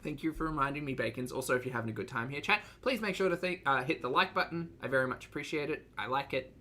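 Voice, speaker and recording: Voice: medium pitch, lively intonation, fast talker, background noise. A streamer giving blunt, sarcastic live commentary to chat and swearing freely. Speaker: streamer reacting to videos.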